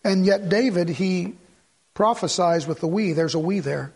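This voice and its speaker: A man preaching a sermon in a conversational way, asking the congregation rhetorical questions and sometimes dropping to a soft, low voice for emphasis. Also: normal speed, vocal fry, husky. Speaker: pastor.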